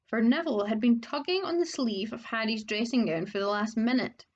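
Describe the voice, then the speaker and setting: A woman reading a children's storybook aloud in a steady way, with occasional slips on words. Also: on the high side, fairly quick, few pauses. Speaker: audiobook reader. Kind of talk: storybook narration. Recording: dull lo-fi recording.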